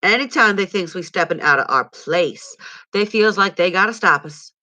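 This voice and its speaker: Brief: woman reading as a slow, bitter man neighbor, bright tone, dry sound. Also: lowish voice, no room sound.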